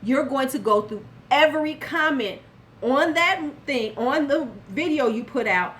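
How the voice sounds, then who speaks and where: An older woman with a high, a-bit-bright voice and lively intonation speaks unhurriedly in her casual beauty commentary vlog. She gives sassy, blunt advice straight to the viewer and answers chat occasionally.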